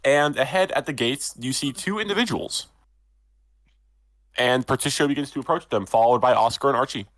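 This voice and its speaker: A man narrating as game master of a tabletop role-playing game, relaxed and meandering with frequent ums. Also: mid-range voice, normal speed, no echo.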